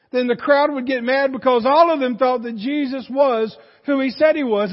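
A man's voice: very high-pitched, long reverb tail, highs cut off. A man preaching a sermon to his congregation, speaking conversationally with restarts and acting out quoted voices. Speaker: pastor. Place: church sanctuary.

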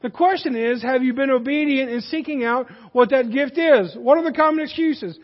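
A man's voice: very high-pitched, normal speed, hardly any pauses. A man preaching a sermon in a folksy manner that rises to emphatic peaks, heard in a church sanctuary. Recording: dull, hall reverb.

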